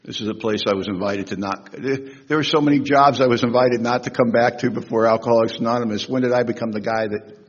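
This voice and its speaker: Husky man in his sixties, convention speaker; humorous, animated storyteller, booming echo of a big hall. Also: a little fast, few pauses. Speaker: recovery meeting speaker. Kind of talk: storytelling talk at a recovery convention. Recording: echoey hall, dull lo-fi sound.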